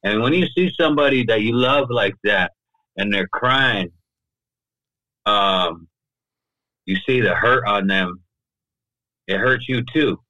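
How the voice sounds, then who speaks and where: A low-voiced man sits in as a podcast guest and tells a personal story, his tone bright and pushing forward. He talks loosely and keeps reaching for "you know" and "right?". The sound is dry and close, with no room echo. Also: slow, pauses often. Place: podcast studio.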